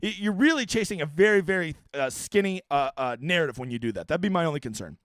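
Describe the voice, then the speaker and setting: A young man hosts a live fantasy football stream, reading viewer chat questions aloud and answering them casually and animatedly, with plenty of swearing. His voice sits on the high side and he talks fast, in a dry, studio-quality recording.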